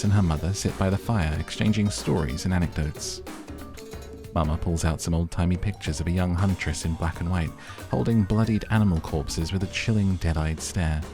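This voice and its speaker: A man with a deep, gravelly voice narrates a dating game playthrough, dropping in playful and wry asides. Music plays steadily behind him.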